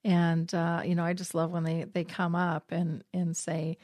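Low-voiced woman host, halting. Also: completely flat delivery, no echo, clean studio sound. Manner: warm agreeing, halting restarts. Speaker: podcast host. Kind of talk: casual interview talk.

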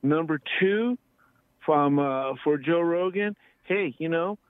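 A man calling in to a talk radio show, friendly and a bit halting, with slow fillers. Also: a little high, dry recording. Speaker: caller. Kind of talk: phone-in caller chat. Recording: tinny dry phone line.

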